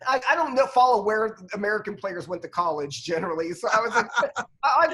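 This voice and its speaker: A man co-hosting a casual sports podcast, talking in halting bursts full of restarts and asides. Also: sits high, expressive, pushed and bright. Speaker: podcast co-host.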